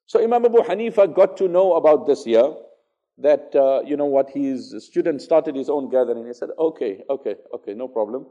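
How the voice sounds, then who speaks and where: A man giving an Islamic religious lecture, telling stories, acting out dialogue and reciting Arabic verses quickly. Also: fairly high pitch, lively intonation, warm tone, dull audio. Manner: conversational, fillers, repeats phrases for emphasis.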